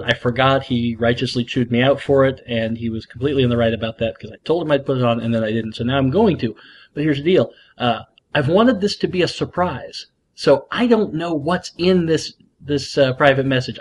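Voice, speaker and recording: A man hosting an internet radio show in casual, rambling chat, self-deprecating and animated. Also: medium pitch.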